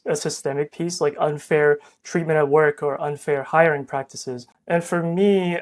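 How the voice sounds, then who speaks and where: A young man from Hong Kong with an international accent, talking earnestly and reflectively as a veterinarian guest on a podcast. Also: on the high side. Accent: international, hard to place. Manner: earnest, reflective, with light laughs.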